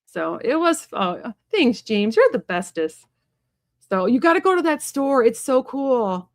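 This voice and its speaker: A woman's voice: a little high, sing-song, unhurried, no room sound, clean studio sound. A woman in her thirties from Kansas, hosting a casual tarot livestream, chatty and rambling with lots of fillers and asides.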